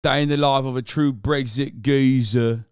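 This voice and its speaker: A man putting on a to play a brash, jokey young lad with loud, mocking banter. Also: mid-range voice, steady tone, moderate pace, smooth, no room sound, studio quality, natural voice.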